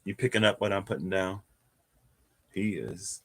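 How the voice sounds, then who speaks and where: A tarot reader gives a casual live reading, chatting, laughing, and drifting off into asides. His low-pitched voice is husky and fairly bright, moving at normal speed.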